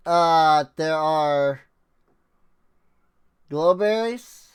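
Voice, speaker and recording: A man's voice: fairly high pitch, drawn-out words, clear, resonant tone. A man streaming a game, musing and wry as he talks through his play with frequent fillers. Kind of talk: game commentary.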